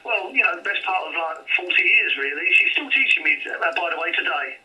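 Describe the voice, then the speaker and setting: A man in his fifties phoning in to a radio show as a former pupil, grateful, emotional and halting. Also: high voice, expressive, pushed and bright. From London. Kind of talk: phone-in call. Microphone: telephone. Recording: dull distant phone line.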